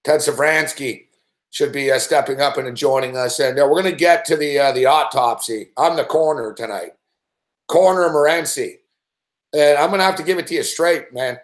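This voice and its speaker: A man's voice: on the high side, normal speed, roomy sound. Profane ranting male sports host. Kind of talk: profane sports betting rant show. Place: indoor home studio.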